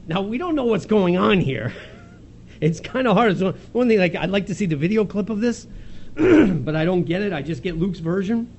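A male preacher talks through a scripture story in a casual, animated way, stumbling and restarting as he goes and laughing now and then. His voice sits fairly high and swings widely in pitch. A faint background hiss runs under the recording. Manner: conversational, animated retelling with quick laughs and restarts. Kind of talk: expository sermon.

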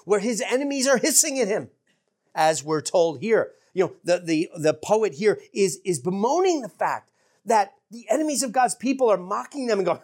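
Husky-voiced woman preaching with lively pitch. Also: moderate pace. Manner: earnest, emphatic preaching with hushed dramatic asides. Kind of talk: sermon.

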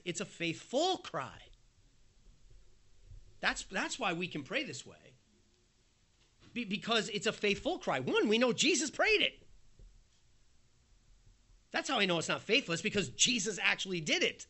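A man preaching a sermon, earnest and conversational, dropping soft and then rising emphatic as he acts out the quoted voices. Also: high-pitched, sing-song, moderate pace, long pauses.

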